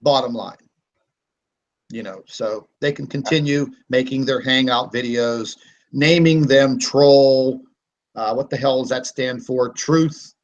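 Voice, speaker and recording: A man's voice: medium pitch, fairly even intonation, takes it slowly, lo-fi sound. A man hosting a live online hangout, talking in a defiant, combative rant with plenty of fillers. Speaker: host of a live online broadcast.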